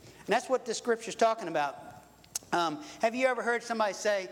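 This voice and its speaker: A man's voice: high voice, animated, fairly quick, long reverb tail. A man preaching a sermon in a folksy, conversational way, asking his listeners rhetorical questions. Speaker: pastor.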